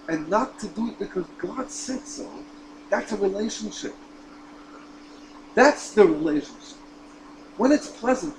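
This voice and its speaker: Animated storytelling rabbi, man. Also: a little high, background noise. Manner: animated storyteller who acts out quoted lines and repeats words. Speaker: rabbi teaching a class. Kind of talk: storytelling lesson.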